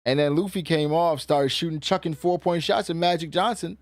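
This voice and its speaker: A man on a casual reaction stream, talking to his chat with a lively voice that swings up and down. His delivery is slangy and exasperated, and it sounds close and dry with no room around it. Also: fairly high pitch, normal speed, no room sound. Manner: animated, slangy, exasperated ranting. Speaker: streamer reacting to a comic chapter and reading chat.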